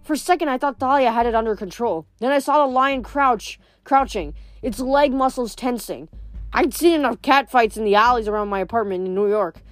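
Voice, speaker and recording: A woman reading a novel aloud in a steady storytelling voice, with small slips and restarts. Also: on the high side, brisk, no echo, soft background music. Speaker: reader.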